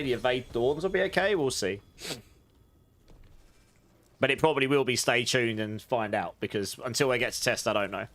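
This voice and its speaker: A man's voice: medium pitch, a bit bright. Chatty man streaming a game. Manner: chatty, laughs often, talks to chat and his cat. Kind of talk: live gameplay commentary.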